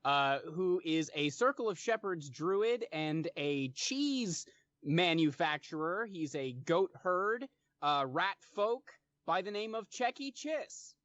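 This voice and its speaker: High-voiced, halting man playing a tabletop game. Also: lively intonation, fairly bright tone, no echo, lo-fi sound. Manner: halting, many fillers. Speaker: player. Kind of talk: tabletop role-play, casual.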